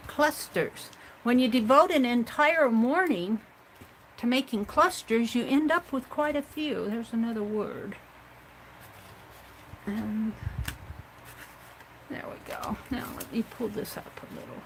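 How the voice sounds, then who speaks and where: A woman hosting a casual craft livestream from her home craft room, talking herself through each step in a chatty way. Her voice sits a little high and she speaks slowly. Faint noise hums behind her. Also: expressive, low-quality recording.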